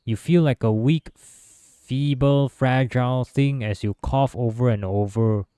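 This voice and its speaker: A man reading visual novel narration aloud in steady second person, with small stumbles. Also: mid-range voice, a little slow, smooth, no echo, clean studio sound. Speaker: gameplay narrator.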